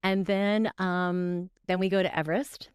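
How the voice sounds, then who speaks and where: A bubbly middle-aged woman chats as a podcast guest, laughing easily and running through her stories with a slightly tired edge. Her voice is smooth and clear, sitting a little low. The sound is close and dry. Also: flat delivery, dry recording. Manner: bubbly, laughs often, quick storytelling. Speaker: guest voice actress and singer. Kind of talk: casual podcast chat.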